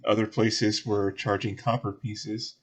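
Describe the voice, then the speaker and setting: A lower-voiced man with a Southern accent runs a tabletop game. He narrates in a relaxed, chatty way and laughs between lines. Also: measured pace, husky, highs cut off. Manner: casual, laughs between narration, drawls y'all. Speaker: game master.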